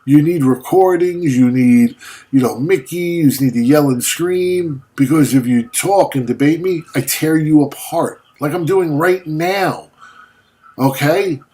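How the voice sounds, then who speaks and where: A man's voice: a little high, measured pace, mellow. Profane, confrontational man ranting on camera. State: just woken up. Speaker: vlogger. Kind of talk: ranting video monologue.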